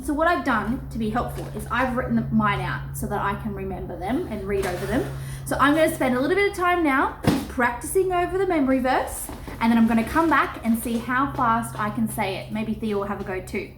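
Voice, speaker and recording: Australian woman, children's church presenter, playful, high voice, roomy garage echo. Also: a little hiss or hum. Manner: bright, playful, speaks to children. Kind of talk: addressing kids at home. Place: home garage.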